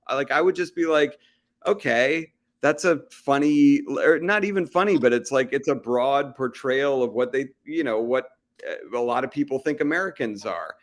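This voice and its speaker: A man's voice: medium pitch, moderate pace. A man, a comedy TV writer guesting on a podcast, speaking thoughtfully with many hedges. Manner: thoughtful, hedging, acts out quoted voices. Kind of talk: casual podcast conversation. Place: live show at a restaurant.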